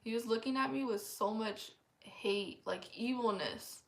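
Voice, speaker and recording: A woman's voice: fairly high pitch, a little slow. A woman earnestly sharing a personal testimony in a casual, rambling way, full of "like" fillers. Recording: echoey room.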